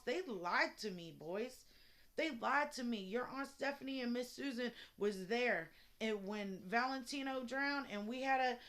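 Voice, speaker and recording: A woman with a slightly high voice vents to her viewers in a personal vlog. She is raw, emotional and blunt, and she swears freely. She is recording indoors at home. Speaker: vlogger.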